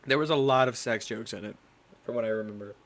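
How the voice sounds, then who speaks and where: A man's voice: mid-range voice, fast, gravelly, fairly bright tone. A young man hosting a podcast, chatting casually with crude, rambling, self-correcting talk. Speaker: podcast host.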